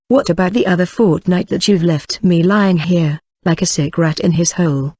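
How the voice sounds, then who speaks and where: An audiobook reader voicing a surly, bitter male robber who growls his words slowly and heavily. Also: medium pitch, darkish tone, dry recording, lo-fi sound, natural voice. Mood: growling.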